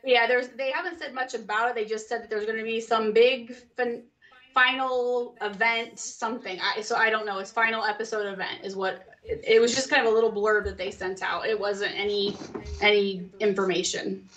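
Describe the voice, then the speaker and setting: A woman's voice: a little high, steady tone, moderate pace, a bit bright. A woman co-hosting a casual podcast, rambling and hedging as she talks. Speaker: podcast co-host.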